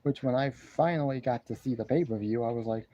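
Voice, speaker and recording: Rambling congested man with a mellow voice. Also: mid-range voice, brisk, no room sound, dull audio. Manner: rambling, repeats his own phrases. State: congested, keeps clearing his throat. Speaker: wrestling show reviewer. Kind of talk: casual review commentary. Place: living room at home, seated on a love seat. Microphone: camera in front of him.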